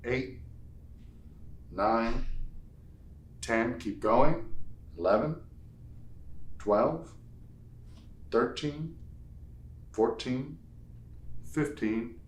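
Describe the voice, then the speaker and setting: A male fitness instructor talks slowly and patiently through a strength routine, counting each rep out loud. His voice sits at an ordinary pitch. The room around him rings with echo. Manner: counts reps aloud, playful asides. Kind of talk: guided workout instruction. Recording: echoey room.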